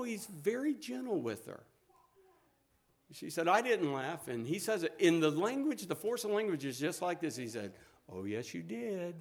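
Middle-aged guy preaching, lively up-and-down voice, bit high, chuckles a lot. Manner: folksy, chuckling, animated storytelling preaching. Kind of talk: sermon.

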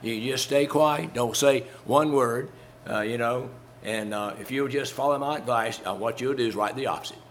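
Male preacher, mid-pitched, folksy and conversational, light chuckles, faint hum behind. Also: moderate pace, a bit bright. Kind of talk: sermon.

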